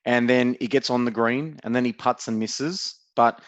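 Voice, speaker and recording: A man's voice: mid-range voice, steady tone, moderate pace, no echo. An Australian man co-hosting a podcast, telling a teasing story in casual banter and swearing freely. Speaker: podcast co-host. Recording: dry, dull lo-fi sound.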